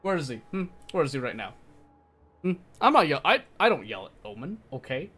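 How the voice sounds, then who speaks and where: Young man, game streamer, casual teasing banter, mock-defensive, slightly high voice. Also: very animated, brisk, pushed and bright, slightly rough, soft background music. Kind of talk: casual live-stream chat while gaming.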